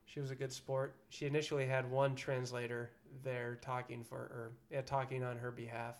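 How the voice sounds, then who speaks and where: A man's voice: medium pitch, level tone, normal speed. A man co-hosting a podcast in casual chat, frank and profane, prone to ranting. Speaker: podcast co-host.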